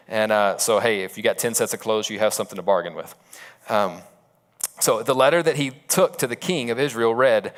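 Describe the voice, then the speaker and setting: A man's voice: medium pitch, brisk. A man preaching a sermon as a pastor, retelling a story in a casual, conversational way with asides.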